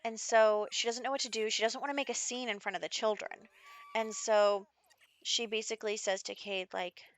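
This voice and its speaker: A woman's voice: a little high, fairly even intonation, moderate pace, dry recording. A woman casually narrating her life-simulation gameplay as a storytelling host, chatty and full of "like" and "you know". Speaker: Sims let's play host.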